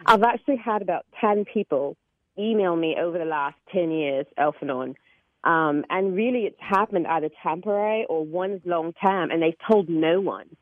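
A woman in her forties from Oklahoma who speaks with a British-sounding accent, chatting as a phone-in guest with quick restarts and frequent laughs. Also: fairly low pitch, no room sound. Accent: British-sounding accent from foreign accent syndrome. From Oklahoma, United States. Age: 40s. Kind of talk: casual interview chat. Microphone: telephone. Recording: tinny phone line.

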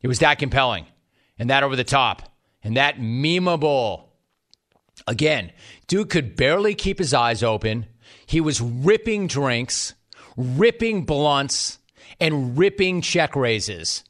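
A man's voice: mid-range voice, animated, takes it slowly, fairly bright tone. A man delivering scripted sports commentary in a wry, mocking way.

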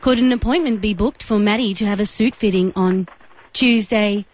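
A woman on a radio prank call, putting on a stiff, measured automated phone-system voice. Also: mid-range voice, darkish tone, close to an everyday voice. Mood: robotic. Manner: stiff, measured, robotic phone-menu delivery.

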